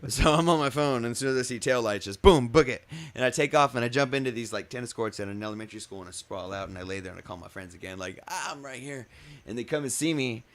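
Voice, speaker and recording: A man, a podcast co-host, telling a story in casual, profane, animated style, laughing often and acting out the shouts of the people in it. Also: medium pitch, quick pace, no echo.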